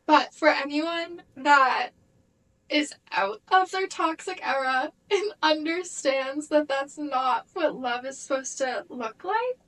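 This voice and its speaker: A woman's voice: sits high, takes it slowly, a bit bright, low-quality recording. A woman in her twenties co-hosting a podcast, chatting casually with lots of fillers and acted-out quotes. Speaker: podcast co-host. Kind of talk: casual chat.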